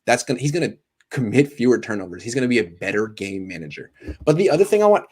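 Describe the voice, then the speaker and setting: A man's voice: mid-range voice, quick pace, husky. A man hosting a casual sports talk show, talking animatedly with frequent restarts. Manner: animated, storytelling, lots of restarts. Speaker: sports podcast host.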